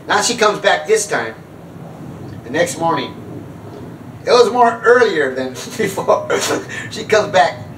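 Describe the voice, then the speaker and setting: High-voiced man telling a comic story. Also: slow, pauses often, echoey room, far from the mic, slight background noise, rough recording. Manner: animated, acts out other people in high squealing voices; laughs at his own story. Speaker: host telling a story and preaching.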